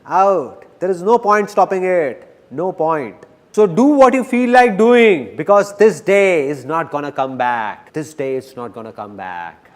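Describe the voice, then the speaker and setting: A man giving a dubbed motivational seminar talk, speaking to the audience in an animated and playful way. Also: high-pitched, a little slow, hardly any pauses, noisy background.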